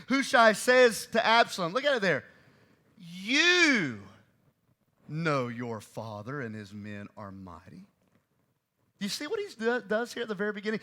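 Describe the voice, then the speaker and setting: Bright-voiced, high male preacher. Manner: emphatic, repeating key phrases, voice rising and falling sharply. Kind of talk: sermon.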